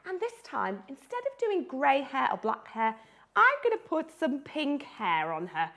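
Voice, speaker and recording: A woman's voice: sits high, wildly swooping pitch, unhurried, fairly bright tone. A woman who illustrates children's books, giving a live drawing tutorial for children and gasping and exclaiming over her sketches.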